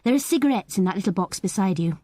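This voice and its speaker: Anne, a woman voicing a soft, whispery young woman. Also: mid-range voice, expressive, fast talker, dry recording, clean studio sound, lightly acted. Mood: gentle. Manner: gentle, airy, light. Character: shy, laughing young woman.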